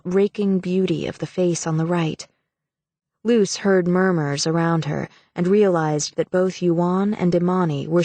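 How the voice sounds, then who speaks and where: A woman reading an audiobook as a measured, even narrator. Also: fairly low pitch, no echo. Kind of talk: scripted narration.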